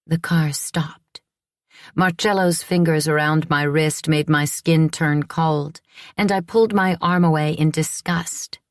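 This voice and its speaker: A woman narrating an audiobook in the first person, with a measured, reflective delivery. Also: low-pitched, no echo, clean studio sound.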